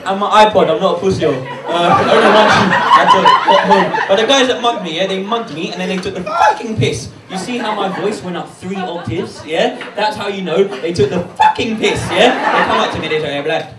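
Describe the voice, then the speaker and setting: A man's voice: high voice, animated, far from the mic, very noisy. A young man from London performing a brash, cheeky stand-up set on a club stage with a handheld microphone. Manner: cheeky, brash, rapid asides. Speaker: stand-up comedian. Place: comedy club stage in front of a crowd. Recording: echoey club, mic heard from afar, loud crowd. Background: loud audience laughter.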